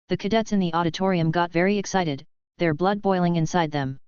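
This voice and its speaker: A woman narrating a novel audiobook in a steady, even reading. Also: on the low side, brisk, smooth, dry recording. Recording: slightly dull dry recording.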